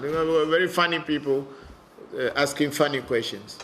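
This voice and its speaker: A man's voice: on the high side, normal speed, fairly bright tone, a little hiss or hum. A man, a spiritual teacher, answering viewer questions in a live online session, talking bluntly and often repeating words as he goes.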